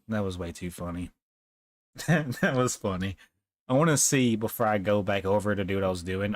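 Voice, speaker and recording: A man's voice: lowish voice, dry recording. Young man streaming, casual and laughing. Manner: casual, laughs a lot, talks to game characters. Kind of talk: live game commentary.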